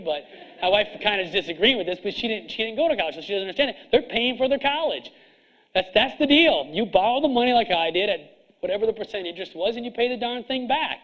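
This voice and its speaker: A man's voice: very high voice, a bit bright, highs cut off. A middle-aged man who coaches other chiropractors gives a seminar speech to an audience, blunt and preachy, firing off rhetorical questions.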